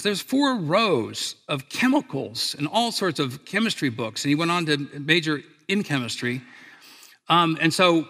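A man speaking to an audience, spinning stories with lively energy and playing each character's lines. His voice is bright and fairly high, and it carries with a long reverb through a large hall. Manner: animated storyteller, acts out quoted voices, laughs at his own stories. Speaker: speaker giving a talk. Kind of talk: storytelling talk to an audience.

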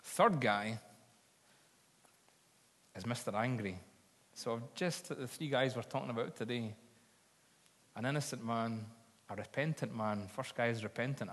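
A man's voice: mid-range voice, unhurried, long pauses, a bit bright. A man preaching a sermon, telling stories earnestly and building to fervent appeals. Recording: long hall reverb.

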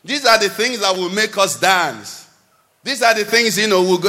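A man preaching a sermon in a church, with animated, sing-song delivery that swings between loud and soft. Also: high-pitched, normal speed. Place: church hall. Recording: long hall reverb.

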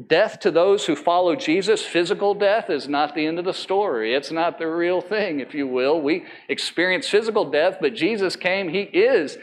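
This is a man preaching earnestly at a Sunday church service, a pastor addressing his congregation. Key phrases come out very slowly, and he goes higher whenever he presses a point.

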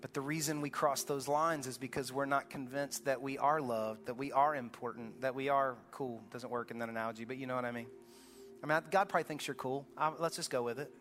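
A man preaching a sermon as pastor to a congregation, emphatic, swinging from urgent high peaks to low quiet lines. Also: steady tone, brisk, big-room sound, faint music behind. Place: large church auditorium.

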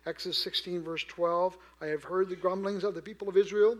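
A man preaching a sermon in a conversational way, asking his listeners questions and swinging from quiet to loud. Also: high voice, steady tone, fast, few pauses. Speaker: pastor.

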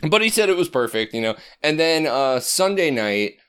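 A man's voice: a little high, sing-song, moderate pace, a bit bright, clean tone. A man in his thirties co-hosting a podcast in casual chat, rambling and swearing, sometimes slipping into a put-on announcer voice. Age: 30s. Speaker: podcast co-host.

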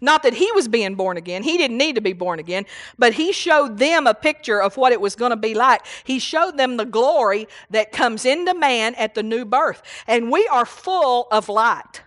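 A woman's voice: on the high side, lively intonation, moderate pace, a bit bright. A woman preaching a rambling, folksy sermon at a church service, often laughing and saying hallelujah.

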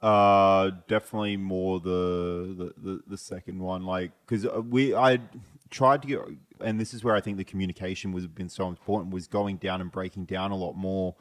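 A deep-voiced man chats as a podcast guest. He talks hesitantly, stopping and restarting as he works through his thoughts. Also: steady tone, moderate pace. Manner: hesitant, full of fillers and restarts. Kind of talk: casual chat.

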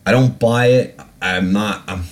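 Low-voiced guy ranting on his podcast, sarcastic, swears a lot, gets heated. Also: measured pace. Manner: heavy swearing, sarcastic, gets irate then apologizes. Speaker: podcast host. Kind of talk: casual podcast rant.

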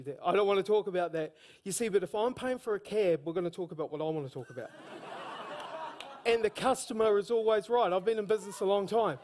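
A man with a New Zealand accent preaching a sermon, telling stories with energy and bursts of shouted emphasis. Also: high-pitched, lively intonation, quick pace.

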